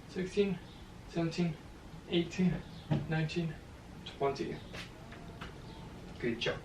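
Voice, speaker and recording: A man's voice: on the high side, a little hiss or hum. Echoey, distant coaching man counting reps. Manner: counts reps aloud, encouraging cues. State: a little out of breath. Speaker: boxing fitness coach. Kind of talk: home workout instruction. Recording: echoey room, mic at a distance.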